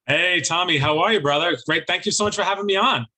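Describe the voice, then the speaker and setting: A man who leads a nonprofit, a guest on a video call, friendly and energetic. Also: high-pitched, fast. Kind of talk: casual interview chat.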